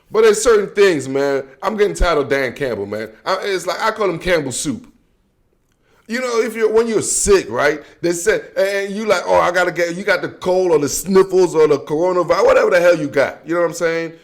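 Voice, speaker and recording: A football commentator with a notably high voice rants casually about sports straight to camera. He's blunt and heated, leaning on loose slang and tacking filler like "man" and "bro" onto the ends of his lines.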